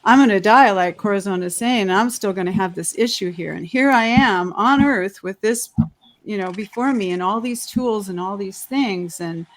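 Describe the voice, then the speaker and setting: A woman at medium pitch and moderate pace shares her personal story on a panel over a video call. She's heartfelt and rambling, restarting often.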